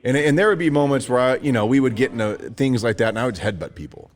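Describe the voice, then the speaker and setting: Fast and mid-range, this man's voice carries a story he tells while co-hosting a podcast in easygoing chat. He's in his thirties and animated, slipping into the voices of the characters he describes.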